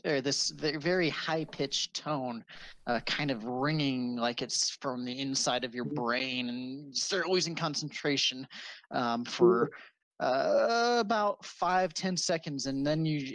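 A game master describing scenes in a tabletop game, halting often with fillers. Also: mid-range voice, a bit bright, no echo, rough recording.

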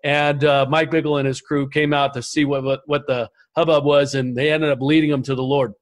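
A man on a panel telling his spiritual testimony in an animated way, often repeating words as he goes. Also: on the high side, fairly quick. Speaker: panel guest. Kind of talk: storytelling testimony.

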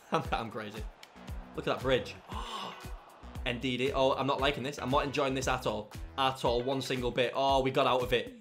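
A young man commentating his own football video game, muttering through play and erupting into shouts at goals. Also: mid-range voice, normal speed, music in the background. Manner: excitable, bursts into shouts after goals. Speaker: gaming YouTuber.

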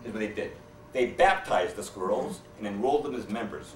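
A man telling jokes to a live audience, deadpan, acting out the characters in his stories. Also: fairly low pitch, brisk, slight background noise. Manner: deadpan storyteller who acts out quoted characters. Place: lecture hall with an audience. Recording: echoey hall, distant mic. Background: audience laughter.

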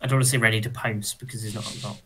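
A man's voice: fairly low pitch, steady tone, rapid-fire, a bit bright, a little hiss or hum. A man playing a tabletop game, thinking aloud hesitantly with many fillers. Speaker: player.

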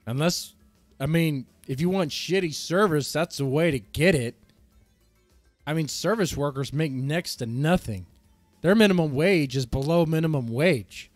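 Male streamer, crude mocking ranter, slightly high, dry close sound. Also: measured pace, no room sound, faint music behind. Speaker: streamer host. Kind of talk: casual stream commentary.

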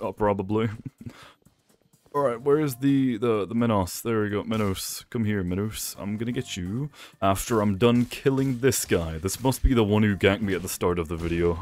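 A young man giving excitable gameplay commentary, talking to himself and laughing often. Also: on the low side. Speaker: gaming YouTuber.

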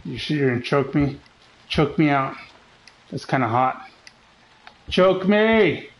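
A man's voice: mid-range voice, steady tone, normal speed, a little hiss or hum, low-quality recording. A man commentating as he plays a horror game, joking and teasing the game, with jumpy outbursts. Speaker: gaming channel host.

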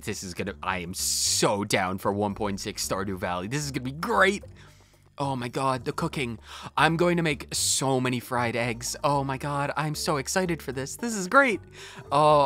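A man narrates his own gameplay with giddy, gushing enthusiasm, exclaiming again and again. His pitch swings widely from low to high as he reacts. Soft game music plays faintly behind him. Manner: gushing, excitable, repeatedly exclaiming. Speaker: gaming channel host. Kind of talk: let's play commentary.

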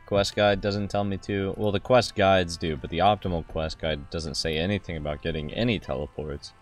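Deep-voiced man joking through gameplay. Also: steady tone, normal speed, faint music behind. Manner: jokey, rambling, with mock-dialogue asides. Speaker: gaming video host.

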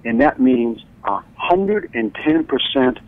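Animated storytelling man on a tinny line. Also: takes it slowly, no echo. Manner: enthusiastic storyteller, acts out quotes with big pitch jumps. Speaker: author and guest. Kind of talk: animated radio interview storytelling. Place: radio studio or phone line. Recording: dry tinny phone-line sound.

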